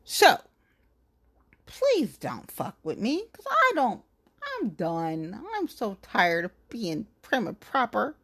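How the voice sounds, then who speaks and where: A woman's voice: medium pitch, wildly swooping pitch, takes it slowly, slightly rough. A woman venting angrily in a blunt, profane rant, talking straight to her viewers. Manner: blunt, profane, heated, emphatic. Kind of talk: angry venting rant to camera.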